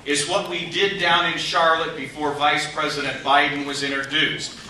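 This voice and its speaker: A man's voice: a little high, flat delivery, moderate pace, pushed and bright. A man from Iowa giving a campaign rally speech and leading the crowd in chants. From Iowa, USA. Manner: rousing, leads crowd chants. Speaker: congressman introducing speakers. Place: large room with a crowd. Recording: echoey hall, from far off, crowd noise.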